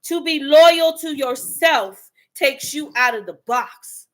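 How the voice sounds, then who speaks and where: A woman launches into an impassioned motivational rant, fiery and preachy throughout. Her voice sits high and rings bright and sharp. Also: takes it slowly. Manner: fiery, preachy, street-talking. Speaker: host.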